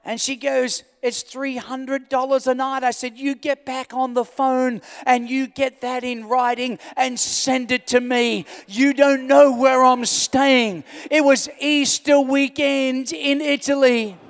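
A man from Australia, a pastor telling an animated story in a sermon and often shouting for emphasis. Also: very high voice, takes it slowly, vocal fry, hardly any pauses, clear, resonant tone. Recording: long hall reverb.

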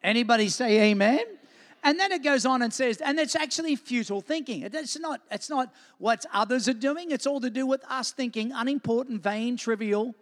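A man's voice: very high-pitched, fairly quick. A man, a pastor, preaching a sermon and calling on the congregation to say amen. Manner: preaching with call-and-response asks for amen. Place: church. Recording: long hall reverb.

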